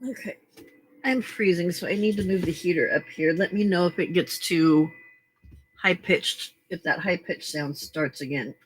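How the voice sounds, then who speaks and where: A woman's voice: fairly low pitch, moderate pace, breathy edge. A woman hosting a casual late-night crafting livestream from home, chatting to viewers and talking to herself as she works. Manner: chatty, talks to herself while working, greets viewers. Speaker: livestream host.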